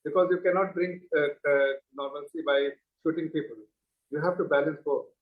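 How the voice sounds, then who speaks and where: A man speaking as a political spokesman on a TV panel, measured and earnest. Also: a little high, steady tone. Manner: measured, earnest, halting with fillers. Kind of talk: TV panel debate. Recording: echoey dull remote audio link.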